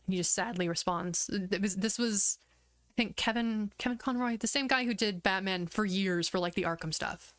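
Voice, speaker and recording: A woman with a mid-range voice streams at a normal speed, chatting casually and retelling scenes in an animated way, acting out quoted lines and saying "like" a lot. No echo.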